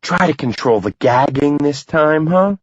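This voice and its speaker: A man voicing a playful, mocking young mother in an audiobook, lifting his voice higher. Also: animated, a little slow, pushed and bright, breathy edge, no echo, highs cut off, exaggerated voice. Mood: teasing. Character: teasing young woman, new mother. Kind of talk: audiobook character voice.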